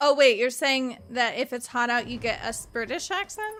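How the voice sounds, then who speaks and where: Bright, excitable young woman gamer. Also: fairly high pitch, normal speed. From Southern United States. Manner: excitable, laughs and gasps a lot, jokey. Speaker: game streamer. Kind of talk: casual gameplay commentary. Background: faint game music.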